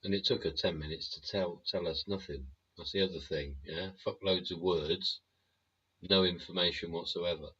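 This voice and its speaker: A deep-voiced man hosts a live stream in a blunt, rambling rant full of swearing. His voice is husky yet forceful. The audio is dull and lo-fi. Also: steady tone, normal speed. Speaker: livestream host.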